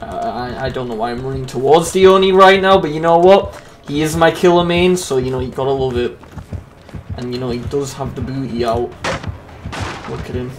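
A man giving casual, jokey commentary over a video game, swearing freely and reacting loudly. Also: medium pitch, normal speed. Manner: excitable, swears a lot, jokey. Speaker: gaming YouTuber.

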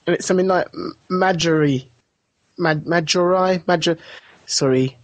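A man's voice: a little high, normal speed, dry recording. A man co-hosting a podcast, telling a rambling story in a casual chatty way. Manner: rambling anecdotal storytelling with laughs. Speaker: podcast co-host.

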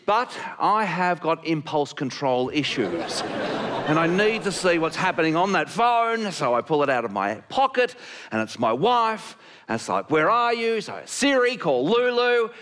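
A man doing stand-up comedy and telling a story in an animated, shouty way. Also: fairly high pitch, moderate pace.

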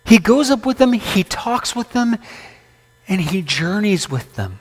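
Conversational preacher in a reverberant church. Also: male voice, sits high, sing-song, a little slow, slightly rough. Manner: conversational, quizzing the congregation with questions; playful humorous asides. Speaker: guest preacher. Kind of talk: sermon. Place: church sanctuary. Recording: long church hall reverb.

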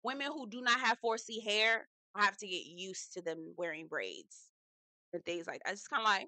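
A woman's voice: medium pitch, lively intonation, normal speed, pushed and bright, dry recording. A woman giving a casual, slangy reality TV recap, swearing freely, laughing at her own points and calling the listener "girl".

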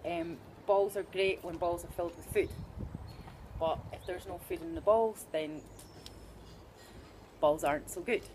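A woman's voice: on the low side, unhurried, pauses often, darkish tone, slight background noise. A woman with a Scottish accent giving a chatty, upbeat dog-training demonstration, with joking asides. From Scotland.

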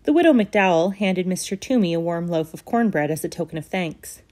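Storyteller: woman with a lowish voice, steady and expressive read-aloud for church. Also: fairly quick. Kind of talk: storybook reading.

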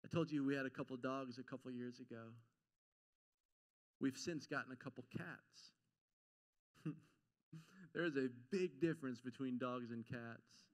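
A male pastor giving an informal, animated sermon to a congregation, acting out quotes and joking at his own expense. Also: medium pitch, clear, resonant tone. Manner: animated and informal, acts out quotes, self-deprecating jokes. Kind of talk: conversational sermon. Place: church sanctuary before a congregation.

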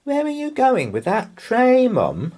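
A man's voice: extremely high pitch, huge pitch swings, measured pace, dark tone, voice pushed up, full character voice. A man voicing a jealous young girl elephant from a picture book, with a pleading, complaining manner. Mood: whiny.

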